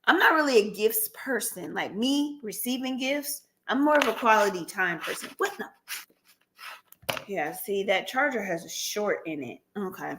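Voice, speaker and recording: A woman's voice: mid-range voice, expressive, moderate pace, a bit bright, slight background noise. A woman hosting a casual live stream, chatty and laughing often, talking aside to her dog.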